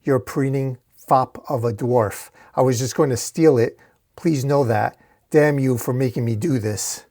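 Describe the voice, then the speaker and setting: A man voicing a weary, sarcastic male orc hero who speaks in a dry, low, tired way. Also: a little slow, a little mellow. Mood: bitter.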